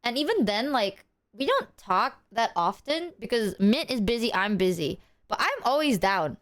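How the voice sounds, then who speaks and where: A woman's voice: on the high side, sing-song, normal speed, fairly bright tone. A woman streamer chatting casually with her viewers, playful, laughing often and swearing freely. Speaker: livestreamer.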